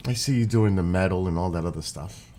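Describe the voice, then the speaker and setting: A man's voice: low voice, quick pace, dark tone. A man with a New York accent, chatting casually and rambling to his viewers on a live stream.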